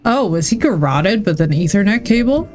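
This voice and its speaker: A woman's voice: medium pitch, sing-song, moderate pace, a little mellow. Rambling, swearing woman streamer. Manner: rambling storyteller, swears freely. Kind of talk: casual chat while gaming.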